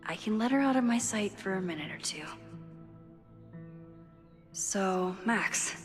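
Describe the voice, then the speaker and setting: A quiet, introspective young woman from a story game, voiced by an actress, musing to herself in a soft, level voice. Her lines carry a long reverb with faint music underneath. Mid-pitched and unhurried. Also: lively intonation, close to an everyday voice. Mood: wry. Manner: soft, introspective inner monologue. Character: thoughtful young woman, shaken and wondering. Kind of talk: game character narration.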